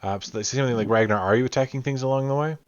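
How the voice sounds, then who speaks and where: A man's voice: medium pitch, racing, slight background noise. A man narrating as game master of a tabletop game, describing scenes at length with frequent fillers. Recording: dull lo-fi audio.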